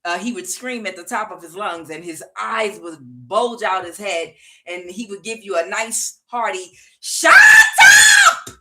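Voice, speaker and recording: Bright-voiced chatty woman reading tarot. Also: on the low side, normal speed. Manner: chatty, rambling, with frequent fillers and laughter. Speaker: tarot reader. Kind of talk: casual tarot reading monologue.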